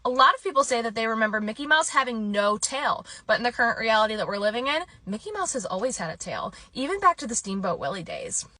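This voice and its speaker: A woman talking straight to her viewers in an easy, conversational way, quizzing them as she goes. Her voice is bright and forward. The sound is dry and close, with almost no room around it. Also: a little high, big pitch swings, fast talker, few pauses, dry recording. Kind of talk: casual explainer video.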